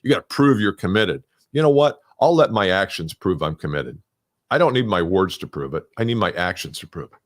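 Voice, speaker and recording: A man's voice: deep voice, sing-song, fairly quick. A middle-aged man coaching salespeople in a conversational, emphatic solo talk.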